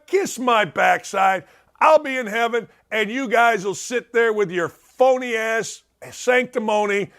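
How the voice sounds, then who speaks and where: A man's voice: very high-pitched, fairly bright tone. A middle-aged man hosting a sports talk show, giving a blunt, fired-up monologue full of mocking asides.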